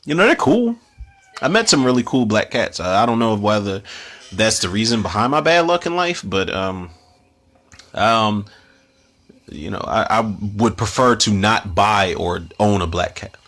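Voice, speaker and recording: A man's voice: fairly low pitch, animated, measured pace, fairly bright tone. A young man hosting a loose, casual movie commentary, cursing freely and rambling through slang-filled asides.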